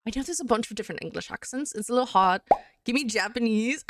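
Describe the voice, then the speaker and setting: Brief: chatty woman streamer, giggly and offhand, gravelly fry, dry close-miked sound. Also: fairly high pitch, fast talker, no echo. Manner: chatty, giggly, reacting to chat. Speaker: livestream host. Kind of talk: casual livestream chat.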